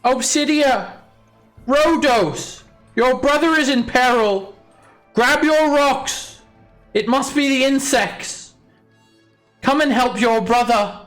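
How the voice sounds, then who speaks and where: A towering stone giantess mother bellows out in a shrill, high voice pitched far above the man who acts her out. She calls from a distance, loud and straining. Behind her, faint music plays. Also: slow, long pauses, exaggerated voice. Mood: alarmed bellowing.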